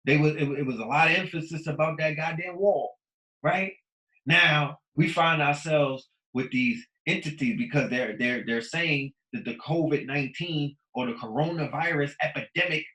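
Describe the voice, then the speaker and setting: Animated, preachy man in a roomy space. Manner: animated, preachy, swings between loud emphasis and low mutters, profane. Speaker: podcast host. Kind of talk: casual monologue.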